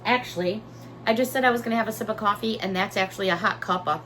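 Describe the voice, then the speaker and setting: A woman's voice: mid-range voice, fast, fairly bright tone, slight background noise. A woman chatting through a shopping haul video, talkative and emotional, bubbling over about each item. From Hudson Valley region of New York. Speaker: haul vlogger. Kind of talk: casual haul vlog chat.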